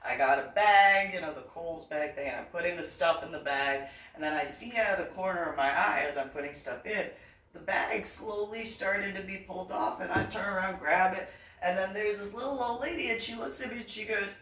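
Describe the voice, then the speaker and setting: A woman's voice: mid-range voice, a little fast, fairly bright tone. Chatty woman in a roomy echo. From New Jersey. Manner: chatty, laughing often, acting out dialogue. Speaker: vlogger. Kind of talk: casual storytelling monologue. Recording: roomy sound, distant mic.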